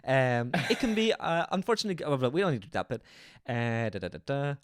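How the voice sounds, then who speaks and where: A man's voice: mid-range voice, big pitch swings, fast, slight background noise. A man with an Irish accent, hosting a casual comedy chat show, rambling and correcting himself as he goes. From Ireland. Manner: rambling, self-correcting, laughs often. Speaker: host.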